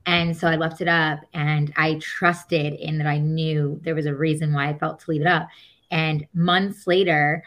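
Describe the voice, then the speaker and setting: A woman with a low-pitched voice talks through a personal story in casual conversation. She is animated, acts out the voices of people she quotes and laughs now and then as she goes. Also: normal speed, low-quality recording. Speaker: podcast guest.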